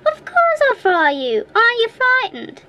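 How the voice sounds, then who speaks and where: A woman's voice: extremely high pitch, huge pitch swings, a little slow, sharp tone, voice pushed up, heavily acted. A woman voicing a big blustering male troll who clucks and growls threats in a storybook reading. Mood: scornful.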